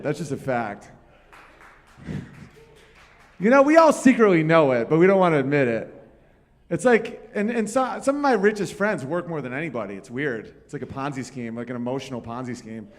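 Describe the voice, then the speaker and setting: A man doing stand-up comedy on a live stage, talking with the crowd and rambling through loose, profane stories. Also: a little high.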